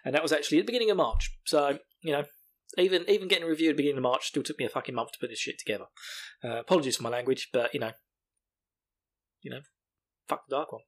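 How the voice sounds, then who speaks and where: Rambling podcast host. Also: male voice, fairly high pitch, very fast, pauses often, fairly bright tone. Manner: rambling, swearing, laughing at his own jokes. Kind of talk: casual solo podcast chat.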